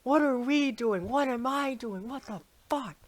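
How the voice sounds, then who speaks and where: Man doing a shrill rowdy revolutionary. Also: measured pace, dry recording. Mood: rousing. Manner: shrill, excited, cursing. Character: rowdy male revolutionary leader rousing crowds.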